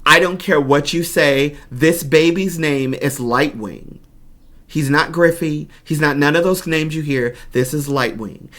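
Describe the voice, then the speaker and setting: Excited gushing male gaming YouTuber. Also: on the high side, unhurried. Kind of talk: trailer reaction commentary.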